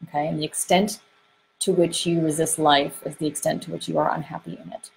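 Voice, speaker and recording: A woman talks straight into a close microphone, coaching listeners on feelings and dating. Her voice sits a little low for a woman, and she acts out little inner voices as she explains. There is a faint hiss of background ambience under her. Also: brisk, creaky, poor audio. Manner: animated, acts out inner voices, frequent fillers. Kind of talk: podcast-style teaching monologue. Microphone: close microphone she bumps while gesturing.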